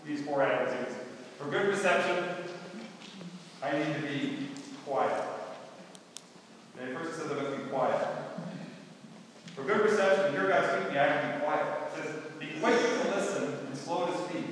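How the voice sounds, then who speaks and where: A man's voice: on the high side, a bit bright, slight background noise. A man preaching a sermon as a pastor, in a conversational, folksy way with offhand asides. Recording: echoey hall, mic far off.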